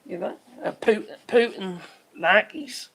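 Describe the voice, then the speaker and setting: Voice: mid-range voice, expressive, slow pace, vocal fry, fairly bright tone. A live stream host giving rambling commentary, swearing freely and trailing off while hunting for names.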